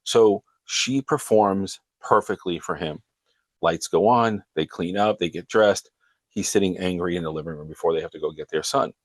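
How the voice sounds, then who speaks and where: A man with a low-pitched voice hosts his show, earnestly retelling a counseling client's story in a steady, conversational way. His voice sits close and dry, with no room sound around it. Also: normal speed, no room sound. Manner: earnest storytelling, frequently breaking into quoted dialogue.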